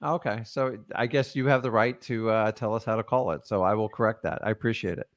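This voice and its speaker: A man coaching on real estate in a casual, blunt and animated way, taking live questions and peppering his talk with "like" and "man". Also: fairly low pitch, fairly quick.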